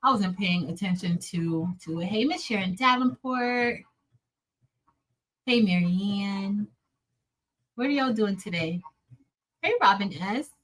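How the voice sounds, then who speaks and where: A woman's voice: mid-range voice, slow pace, pauses often, fairly bright tone, poor audio. A woman hosting a casual live stream, chatting and greeting viewers by name while she works. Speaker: livestream host.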